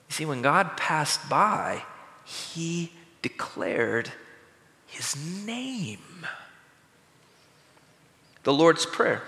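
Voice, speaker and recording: Male pastor, bright tenor, slow and deliberate, dramatic sermon delivery. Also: fairly high pitch, lively intonation, big-room sound. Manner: dramatic scripture reading, rising to shouts.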